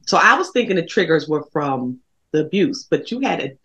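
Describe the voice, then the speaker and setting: A woman's voice: low voice, big pitch swings, brisk, fairly bright tone, dull audio. A woman hosting an interview, asking engaged, probing follow-up questions. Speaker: talk show host, interviewer.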